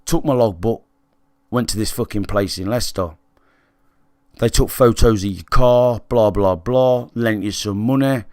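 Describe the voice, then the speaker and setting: A man's voice: on the low side, unhurried, darkish tone, no echo, clean studio sound. A British man livestreaming, telling a candid story to his chat in a blunt, sweary, conversational way and checking in with listeners. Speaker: gaming livestreamer.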